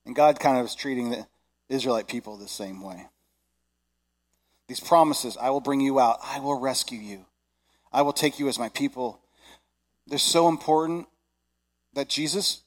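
A man, probably in his thirties, preaching a sermon in a conversational, animated way, acting out little voices. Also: mid-range voice. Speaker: pastor.

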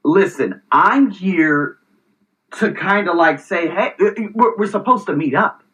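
Animated, bright-voiced male vlog host. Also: sits high, a little slow, poor audio. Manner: animated storytelling, exasperated. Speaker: show host. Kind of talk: casual vlog monologue.

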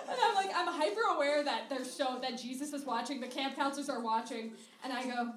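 A woman's voice: high-pitched, huge pitch swings, slow pace, pauses often, far from the mic. A young woman telling a funny personal story on stage, talking chattily with lots of "like" and frequent laughter. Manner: chatty, says "like" a lot, laughs through the story. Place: live show venue. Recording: roomy live stage recording with noise.

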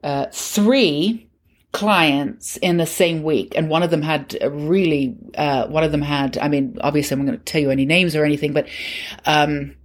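A woman's voice: deep voice, moderate pace. A middle-aged woman hosting a podcast and telling a personal story in a candid, conversational, self-mocking way. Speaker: podcast host.

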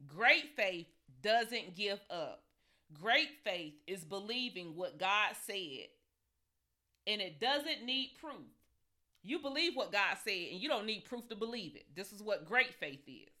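A woman's voice: mid-range voice, sing-song, measured pace, sharp tone. A woman giving an informal Bible teaching in a conversational, folksy way, often repeating and restarting her phrases.

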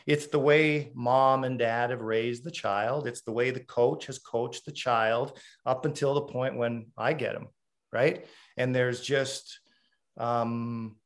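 A middle-aged man, a former hockey coach, telling stories bluntly and with emphasis in an interview. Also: medium pitch. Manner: emphatic storyteller; blunt and direct. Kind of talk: casual interview talk.

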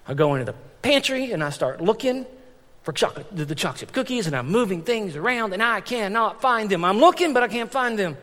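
High-pitched male pastor, lively storytelling sermon, long church-hall reverb. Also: fast. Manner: animated, storytelling with frequent restarts and repetitions.

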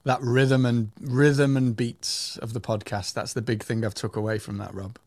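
A man's voice: medium pitch, little pitch movement, normal speed, no room sound. A man speaking as a podcast guest, agreeable and trailing off as he talks. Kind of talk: casual chat.

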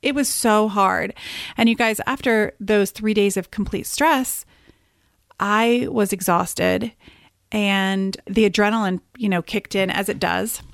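A woman's voice: mid-range voice, vocal fry, no echo. Chatty woman podcasting in a dry room. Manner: animated storytelling with laughs. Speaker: podcast host and business coach. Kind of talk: casual solo podcast talk.

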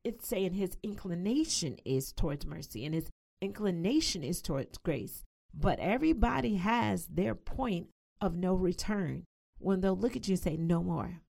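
Woman preacher, low gravelly voice, mellow tone, reads scripture briskly then explains it plainly. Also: expressive. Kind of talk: devotional teaching.

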